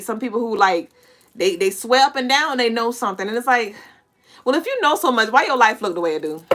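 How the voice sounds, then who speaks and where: This woman's mid-range voice has a fairly bright tone. She's a spiritual reader and podcast host doing a laid-back collective intuitive reading, speaking bluntly and with energy, cursing and laughing plenty, and addressing listeners directly as "y'all" and "collective."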